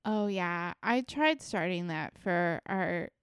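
A woman's voice: fairly low pitch, slow pace, clean tone, no echo. A woman from Florida hosting a podcast, chatting casually and giggling often as she tells stories. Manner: giggly, animated storytelling. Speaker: podcast host. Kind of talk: casual chat.

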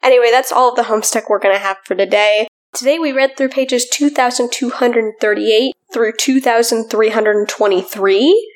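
A woman's voice: a little high, fairly even intonation, normal speed. Sarcastic, jokey woman podcast co-host. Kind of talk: casual podcast chat.

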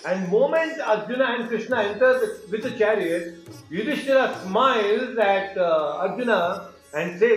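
A man retelling an epic tale in an animated storytelling style, asking his listeners questions. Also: high-pitched, moderate pace. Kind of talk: mythology storytelling. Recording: echoey room with soft music.

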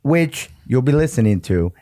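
A man from Amarillo, Texas, with a medium-pitched, dark voice, speaks very animatedly at normal speed. He co-hosts a casual podcast, joking and swearing freely, with a slight lisp caused by fake vampire teeth.

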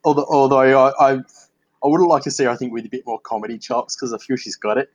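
A man's voice: medium pitch, fast, muffled recording. A man hosting a casual podcast interview, chatting candidly and swearing and laughing freely. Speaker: podcast host.

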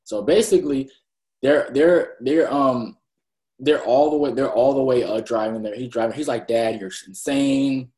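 A man's voice: mid-range voice, normal speed, a little mellow. A man co-hosting a casual chat, rambling as he retells scenes and acts out characters' lines. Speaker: podcast co-host. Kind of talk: casual chat recapping an anime. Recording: echoey room.

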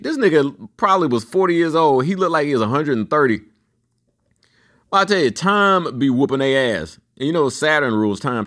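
Fifty-something guy ranting on his vlog, cussing a lot, rambling, voice jumping high and low, mid-pitched. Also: fairly bright tone. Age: 50s. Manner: loose, profane, rambling, with big swings in pitch. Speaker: vlogger. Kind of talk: profane solo rant.

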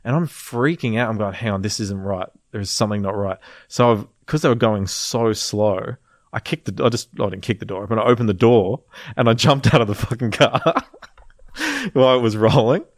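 A man telling a wild story in casual chat, animated, swearing freely and laughing as he goes. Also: mid-range voice, normal speed, dry recording, studio quality.

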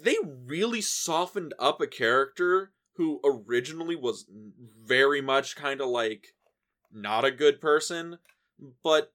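A man's voice: on the high side, a bit bright. A man hosting a podcast, talking about a film in a casual, rambling way with lots of fillers and swearing. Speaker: podcast host.

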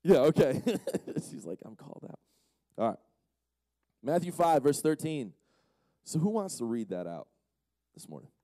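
A man's voice: a little high, very animated, a little slow, pauses often, warm tone, no echo. A man giving a casual, joking sermon to a young audience as a conference speaker, teasing the crowd as he goes. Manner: playful, teases the audience.

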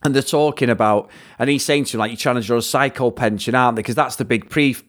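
A man co-hosting a podcast, chatting about a film in a rambling way and retelling scenes with quick impressions. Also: medium pitch, fairly bright tone. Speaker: podcast co-host. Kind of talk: casual film review chat.

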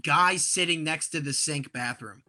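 Bright, profane young man telling stories. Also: fairly high pitch, moderate pace. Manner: profane, animated, exasperated. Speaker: podcast guest. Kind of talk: comedic storytelling on a podcast.

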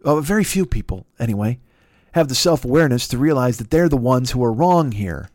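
A man's voice: medium pitch, lively intonation, a little fast, a little mellow. A man in his fifties hosting a podcast, talking in a blunt, rambling monologue full of swearing and restarts. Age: 50s. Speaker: podcast host. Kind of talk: profane casual monologue.

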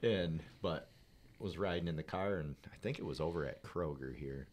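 A man's voice: very deep voice, normal speed, darkish tone. A middle-aged father chatting on a podcast, telling an easygoing story and chuckling as he goes. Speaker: podcast guest. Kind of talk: casual chat.

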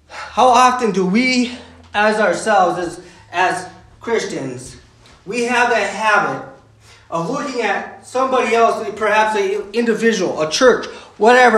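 High-voiced man preaching a casual sermon. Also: fairly bright tone, reverberant, poor audio. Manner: conversational, with filler words and frequent "right?" asides. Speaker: pastor.

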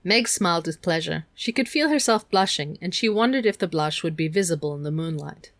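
A woman reading a novel aloud in a relaxed, casual way. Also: fairly low pitch, brisk, no echo. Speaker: audiobook reader.

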